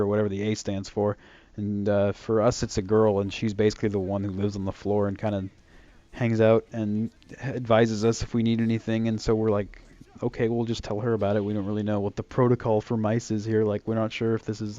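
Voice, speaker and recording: A man's voice: on the low side, dark tone, dull audio. A young man casually telling a long story, full of fillers and restarts, acting out the quoted lines. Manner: rambling, lots of fillers and restarts; acts out quoted lines in a raised voice.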